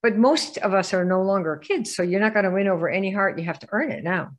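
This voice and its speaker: A woman's voice: mid-range voice, fast. Rhetorical woman quizzing her audience. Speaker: business trainer. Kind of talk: live training presentation.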